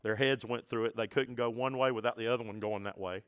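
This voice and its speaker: A middle-aged male pastor preaching a sermon, swinging between shouted passages and hushed low asides, with playful jokes for the congregation. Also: steady tone, fast, clean tone.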